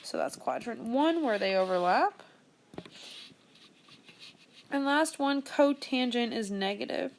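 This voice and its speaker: Young woman teacher talking thru math problems step by step, kinda high voice with some fry. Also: slow pace, long pauses, a little hiss or hum. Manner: steady step-by-step explaining, thinking aloud. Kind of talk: screen-recorded math lesson.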